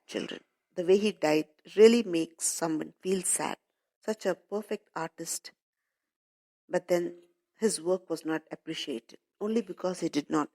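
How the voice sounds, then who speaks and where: A woman's voice: lowish voice, vocal fry, warm tone, slightly rough. A woman teacher explaining a lesson to children, addressing them directly and repeating points.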